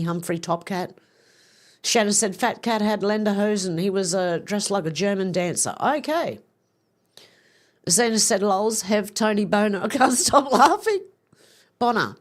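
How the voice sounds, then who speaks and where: A middle-aged woman hosting a relaxed livestream, reading out viewer comments in a chatty, giggly way. Her voice sits at an ordinary middle pitch. It sounds like an easygoing one-woman stream picked up on a streaming mic. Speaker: livestream host.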